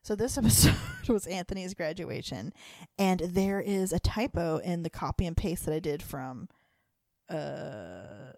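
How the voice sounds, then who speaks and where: A woman's voice: fairly low pitch, expressive, measured pace, gravelly, darkish tone, no room sound, studio quality. A woman co-hosting a podcast, chatting loosely about a TV episode with lots of asides. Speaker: podcast co-host. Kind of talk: casual chat recapping a TV episode.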